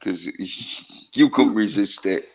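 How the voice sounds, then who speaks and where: A man's voice: lowish voice, slow pace. Rambling man with a dull sound. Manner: rambling, hesitant, full of fillers. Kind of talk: casual livestream chat.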